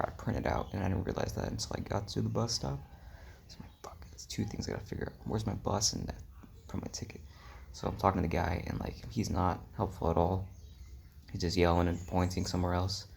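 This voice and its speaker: A man's voice: low-pitched, creaky, darkish tone, slight background noise. A young man telling a rambling travel story in a casual vlog, full of "like" and "um", slipping into whispery asides. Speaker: travel vlogger.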